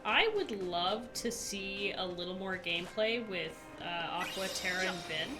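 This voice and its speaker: A woman talks at an easy, relaxed pace while playing a game live, often pausing with filler sounds. Game music plays clearly behind her voice. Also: on the low side. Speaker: streamer, artist. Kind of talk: casual chat while gaming.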